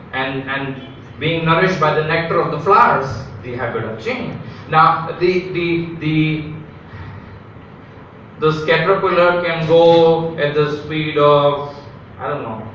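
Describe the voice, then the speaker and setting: A man's voice: on the high side, a bit bright, lo-fi sound, slight background noise. A male pastor preaching a live sermon, emphatic, with repeated phrases and rhetorical questions. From India. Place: large church hall. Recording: very echoey hall, mic at a distance.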